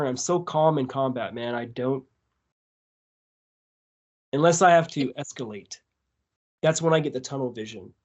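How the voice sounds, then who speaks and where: A man guesting on a podcast, telling a story in a casual, profane, animated way. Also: medium pitch. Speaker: tattoo artist.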